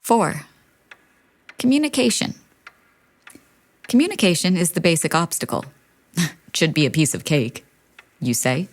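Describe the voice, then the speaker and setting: Speaking in a lowish, sing-song voice, a woman reads a play's monologue in a staged performance captured in a studio. She comes across as wry yet anxious, moving from quick-fire lists to hushed confessions.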